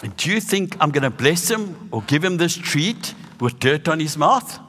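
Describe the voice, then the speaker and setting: A man in his sixties with a South African accent, preaching a sermon with animated, emphatic bursts. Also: on the high side, moderate pace, big-room sound. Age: 60s.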